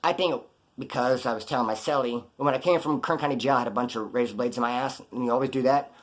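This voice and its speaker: A man's voice: mid-range voice, fast talker. A man telling stories casually to the camera in a blunt, profane, streetwise way. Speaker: storyteller recounting prison experiences.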